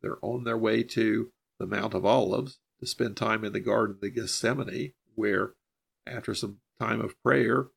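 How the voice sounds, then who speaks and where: A man's voice: lowish voice, fairly even intonation, measured pace, creaky, breathy edge. A man teaching a Bible passage verse by verse on a podcast, explaining each verse plainly and then driving home the key points.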